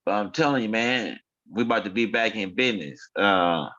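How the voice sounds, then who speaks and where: A man's voice: on the low side, normal speed, fairly bright tone. A man hosting his own online show, rambling through casual commentary in street slang and often repeating himself. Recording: dull lo-fi sound.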